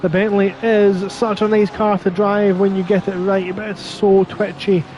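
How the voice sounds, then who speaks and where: A man with a fairly high voice calls a sim race live. He is chatty and breaks off to answer viewer chat between the action. A faint noise sits under the recording. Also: flat delivery, moderate pace, darkish tone, dull audio. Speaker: sim racing commentator.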